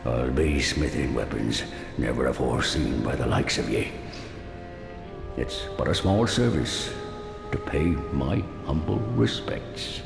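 An actor playing a kindly, humble old male blacksmith who talks slowly in old-fashioned folksy speech. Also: animated, heavily acted. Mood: wistful. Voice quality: deep gravelly voice. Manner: slow, archaic folksy speech. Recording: roomy game audio with reverb and music.

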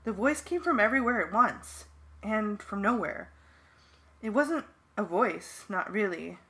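A woman's voice: mid-range voice, animated, a little slow, sharp tone. A woman giving earnest first-person narration for a fan audiobook.

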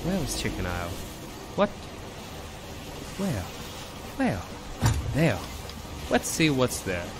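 A man's voice: medium pitch, takes it slowly, pauses often, over music. Man in a cutesy uwu voice. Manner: put-on cutesy uwu voice, r sounds turned to w; playful, silly asides. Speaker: game streamer. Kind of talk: casual live-stream chat while gaming. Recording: steady background noise under the voice.

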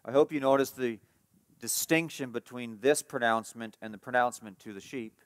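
A man preaching a sermon as pastor, emphatic and repetitive, dropping to a soft hush for tender passages and rising for key points. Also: fairly quick, no echo, clean studio sound. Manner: emphatic preaching, repeats key phrases, rises in pitch and force when stressing points.

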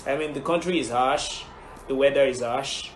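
A man's voice: medium pitch, normal speed, a little hiss or hum. A man introducing himself and delivering an impassioned monologue. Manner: earnest, impassioned. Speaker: reality show contestant. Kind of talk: audition video, spoken-word monologue. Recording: echoey room with music.

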